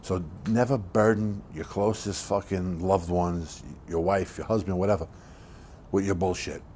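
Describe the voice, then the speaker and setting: In a low-budget crime film, a man plays a hulking crook with a cold, scheming mind, lecturing bluntly in streetwise fashion and swearing in almost every line. His very low, heavy voice stays steady and unhurried, with a darkish, instructive edge. A faint hiss sits beneath the recording.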